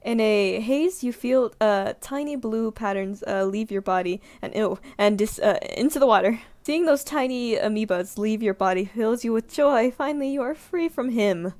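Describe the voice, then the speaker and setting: A young woman streamer reading a visual novel aloud, giggling and reacting with animated outbursts. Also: a little high, normal speed, hardly any pauses. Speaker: gaming streamer.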